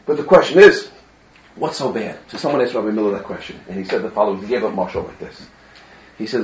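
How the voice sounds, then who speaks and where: A man giving a religious lecture full of anecdotes, animated and often stammering on restarts. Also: fairly low pitch, slight background noise. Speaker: Torah teacher. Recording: roomy, distant, dull lo-fi.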